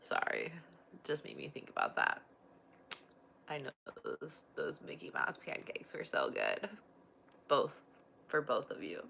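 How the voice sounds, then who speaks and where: A woman's voice: rumbling low, wildly swooping pitch, unhurried, gravelly, pauses often, bright, forceful tone, a little hiss or hum, low-quality recording. A woman in her thirties hosting a casual livestream, chatty and emotional, laughing often as she rambles to her viewers. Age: 30s. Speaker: livestream host and mother. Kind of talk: casual livestream chat, reading viewer comments.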